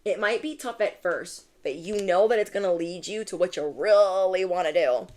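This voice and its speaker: A tarot reader in her young adult years chats with viewers at normal speed, her fairly low voice carrying a darkish tone. She's bubbly and effusive, forever saying "like" and "oh my gosh."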